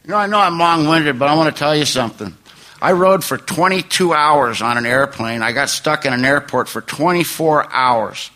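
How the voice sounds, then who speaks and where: An older man stands before a recovery meeting and tells a long, painful story from his own life. His voice is bright and forceful. He rambles and laughs at himself. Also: on the high side, normal speed. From California.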